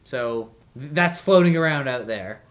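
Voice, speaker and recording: A man co-hosting a casual music podcast, rambling loosely and filling his talk with "like" and "um". He laughs at himself and talks in a relaxed, unpolished way. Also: mid-range voice, a little slow. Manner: rambling, self-deprecating, lots of fillers. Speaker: podcast co-host. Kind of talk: casual chat.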